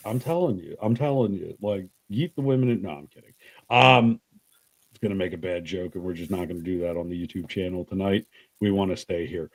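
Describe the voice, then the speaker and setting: A man co-hosting a casual livestream chat, telling stories with lots of swearing and lively quoted voices. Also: deep voice, brisk, no room sound, low-quality recording. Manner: profane, animated storyteller with lively put-on quotes. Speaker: co-host of a livestream.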